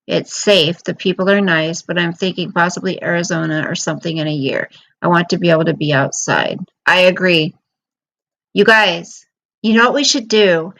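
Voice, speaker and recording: A woman's voice: lowish voice, gravelly, a bit bright, poor audio. A middle-aged woman chatting casually with viewers on a livestream, rambling through personal stories in an emotional way. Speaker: livestream host.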